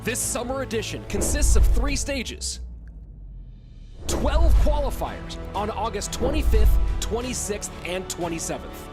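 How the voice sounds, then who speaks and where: A man's voice: extremely high pitch, animated, measured pace. A man giving an upbeat, scripted narration for a tournament promo video. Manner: upbeat announcer read. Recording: narration over loud music. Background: loud music.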